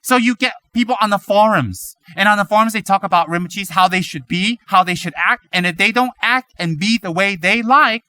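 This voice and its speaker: Guy teaching buddhism, lively and pushy, tons of rhetorical questions, dry close sound. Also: high-pitched, fairly quick, hardly any pauses, dry recording. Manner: animated, rhetorical questions, mimics others' voices. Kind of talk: dharma talk.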